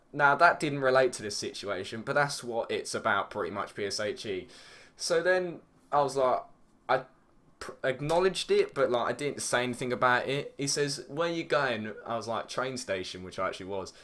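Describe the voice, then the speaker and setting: A man's voice: medium pitch, fairly bright tone. A teenage boy with an English accent telling a story casually, rambling, swearing and filling with "like". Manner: rambling, swears a lot, heavy use of "like". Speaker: vlogger.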